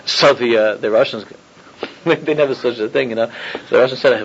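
A man's voice: mid-range voice, fairly quick, creaky, slight background noise. A man teaching an informal Torah class as a rabbi, mixing in Hebrew and Yiddish terms, often repeating himself and chuckling. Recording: dull lo-fi recording.

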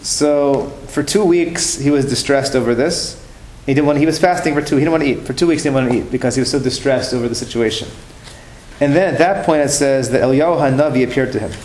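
A man's voice: medium pitch, fast talker, darkish tone. A man telling religious stories in a class, in a conversational way that repeats and restarts phrases. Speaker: religious teacher. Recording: roomy room with faint noise.

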